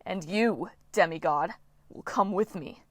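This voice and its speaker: A woman's voice: lowish voice, measured pace, no echo. A woman voicing a menacing male storm spirit in an audiobook reading, with a threatening, gloating delivery.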